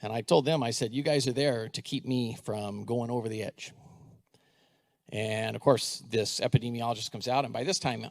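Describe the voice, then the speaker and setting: A middle-aged man with a gravelly voice tells a story from the stage, acting out each exchange and turning to ask the audience questions. His pitch sits in an ordinary middle range for a man. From United States. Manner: animated storyteller, acts out dialogue, asks the audience questions. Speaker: school superintendent giving a talk. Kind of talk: storytelling speech to a live audience.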